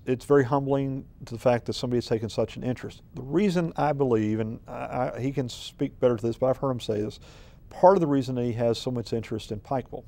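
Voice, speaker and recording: A man's voice: medium pitch, warm tone. A man speaking as a city manager in a conversational interview, telling stories in a rambling, folksy way full of ums and restarts. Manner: rambling, filler-heavy, folksy storytelling.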